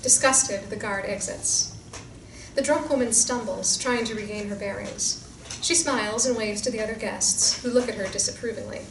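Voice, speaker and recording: A woman narrates the stage directions of a screenplay in a clear, measured read at a middle pitch. The sound is roomy and distant, with noise clearly heard behind. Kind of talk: screenplay reading.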